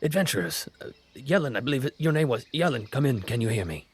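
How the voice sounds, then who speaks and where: A man's voice: fairly low pitch, brisk, natural voice. A man voicing a dutiful male ship captain who speaks formally and steadily over a sending stone.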